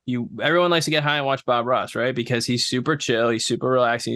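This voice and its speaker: A man guesting on a podcast, talking in a relaxed, explanatory way with plenty of fillers. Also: mid-range voice, fast, few pauses, no room sound, studio quality. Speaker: podcast guest, ASMR creator. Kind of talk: casual podcast chat.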